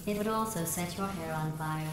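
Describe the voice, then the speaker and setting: An actress voicing a sarcastic, passive-aggressive female AI overseer, speaking in a deadpan, mock-cheerful tone through a synthetic computer filter. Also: on the low side, moderate pace. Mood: dry sarcastic. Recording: echoey game audio with loud background noise.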